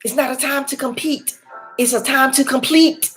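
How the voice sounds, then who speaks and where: A woman's voice: high-pitched, steady tone, normal speed. A woman in her forties or older, a life coach giving a faith-based motivational talk, repeating her key words for emphasis. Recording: faint music behind.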